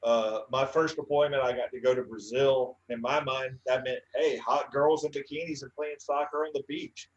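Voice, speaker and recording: A male stand-up comedian tells his stories in a dry, unhurried way, often pausing on "uh". His voice sits at an ordinary pitch. The recording is slightly muffled and dull. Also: fairly even intonation. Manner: dry storytelling with filler "uh"s. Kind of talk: stand-up set.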